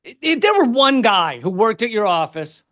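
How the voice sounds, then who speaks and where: A man doing a stand-up comedy set on a convention stage, ranting in an exasperated, profane way and bursting into shouts. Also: sits high, big pitch swings, normal speed.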